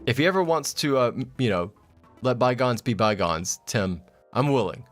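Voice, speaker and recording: A man's voice: mid-range voice, lively intonation, normal speed, soft background music. A man with a slight Southern US accent streaming a game, rambling casually, laughing often and swearing freely. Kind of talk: casual live-stream commentary.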